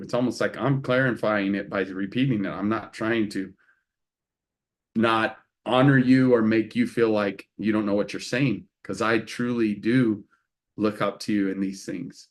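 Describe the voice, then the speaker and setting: A man's voice: on the low side, steady tone, normal speed. A man co-hosting a casual couples podcast, telling stories animatedly, acting out both sides of a conversation and laughing often. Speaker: co-host, couples coach.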